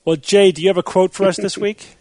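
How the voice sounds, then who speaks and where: Male podcast host, slightly high voice, dry close mic, easy laughs. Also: brisk, no room sound. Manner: relaxed, laughs easily, repeats words. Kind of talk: casual panel chat.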